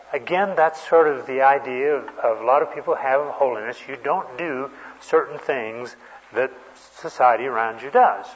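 Man preaching in an echoing hall. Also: medium pitch. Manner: folksy storytelling with many fillers. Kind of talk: sermon. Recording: distant dull hall recording.

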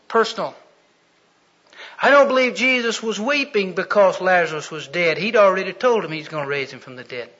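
A man preaching a sermon, retelling Bible scenes in a folksy storytelling way that swings from loud to hushed. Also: sits high, dull audio.

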